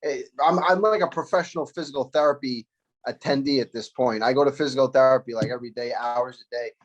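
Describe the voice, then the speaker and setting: A man's voice: medium pitch, steady tone, quick pace, low-quality recording. Rambling man. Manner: rambling, loose, full of fillers and restarts. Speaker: fighter, interview guest. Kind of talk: casual interview over video call. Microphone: phone with earphones.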